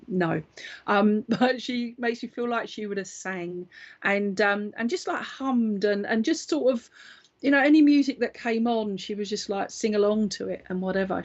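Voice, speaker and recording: A woman's voice: fairly high pitch, lo-fi sound. A woman working as a psychic medium, giving a live reading in a chatty, reassuring way and often checking in with her listener.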